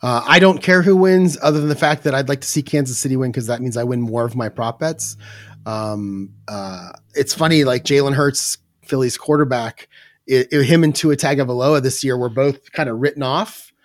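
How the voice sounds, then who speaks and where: A man's voice: medium pitch, normal speed, dry recording. A man co-hosting a writing podcast in easygoing, chatty conversation. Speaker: podcast co-host. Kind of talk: casual chat.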